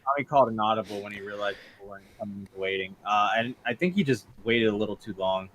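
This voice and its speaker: A man talking calmly as a guest on a live stream. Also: lowish voice, fast, no echo, poor audio. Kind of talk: casual chat.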